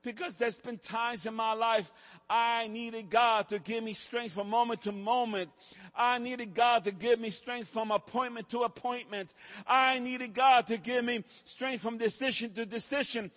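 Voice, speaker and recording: Man, pastor preaching, high-pitched, sharp bright tone, rises to shouting, long hall reverb. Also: steady tone, measured pace. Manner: builds from soft to shouting, repetitive preaching cadence. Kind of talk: sermon.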